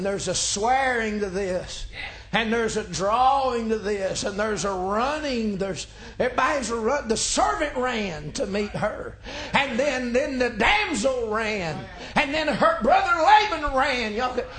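A male pastor, preaching a folksy, joking sermon that climbs into shouts. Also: extremely high pitch, animated, unhurried. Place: church sanctuary.

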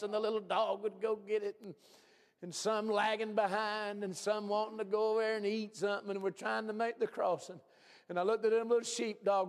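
A man pastor preaching a folksy, animated sermon, swinging from hushed asides to shouts. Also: high voice. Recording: long hall reverb.

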